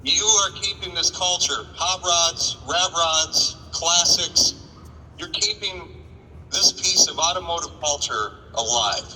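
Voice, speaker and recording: A man's voice: on the high side, slow pace, sharp tone, big-room sound, slight background noise, rough recording. A man giving an earnest, crowd-rousing thank-you speech.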